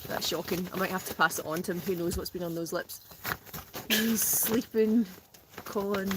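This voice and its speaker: A woman's voice: on the low side, little pitch movement, fast talker, noisy background. A woman chatting casually in a smoky tent on a live stream, reading out comments and laughing often. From Scotland. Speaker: guest, host's sister.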